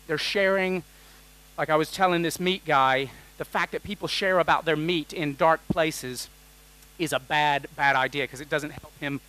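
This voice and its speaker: Jokey, energetic male keynote speaker. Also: a little high, moderate pace, poor audio. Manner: energetic and jokey, quizzing the audience. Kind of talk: lively conference talk. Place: conference stage.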